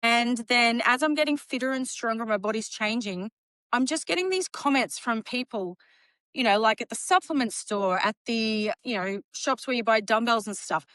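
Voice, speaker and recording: An animated woman in her late thirties or older, telling her story on a podcast. Her voice sits a little high, and she acts out what people said to her with quick laughs. The sound is close and dry, with no room around it. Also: dry recording. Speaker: guest, bodybuilding champion.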